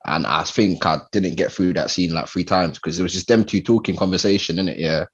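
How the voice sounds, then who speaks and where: A man's voice: low voice, brisk, breathy edge. A man co-hosting a podcast, telling stories in a laid-back casual way. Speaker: podcast co-host. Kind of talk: casual chat. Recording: dull lo-fi podcast audio.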